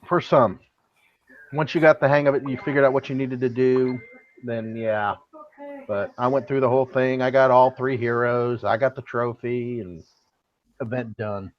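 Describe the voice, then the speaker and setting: A man talking casually about a game event on a voice chat, relaxed and easygoing. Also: medium pitch, moderate pace, dull audio. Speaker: guest gamer.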